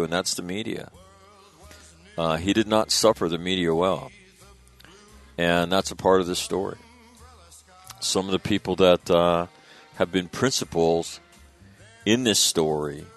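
Man, middle-aged, very deep voice, loose rambling storytelling, faint music underneath. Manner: rambling, conversational, frequent fillers and restarts. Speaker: guest recalling his father. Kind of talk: casual spoken storytelling.

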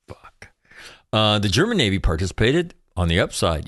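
Brief: deep-voiced male commentator, ex-Marine, irreverent and profane, dry close sound. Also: lively intonation, brisk, no room sound. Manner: sarcastic, profane asides, jokey. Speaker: military news commentator, former Marine. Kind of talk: casual news commentary.

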